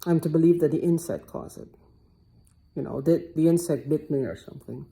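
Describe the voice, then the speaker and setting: Low, mellow-voiced woman rambling. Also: a little fast, vocal fry. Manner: repetitive, rambling, restarts a lot. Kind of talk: casual monologue to camera.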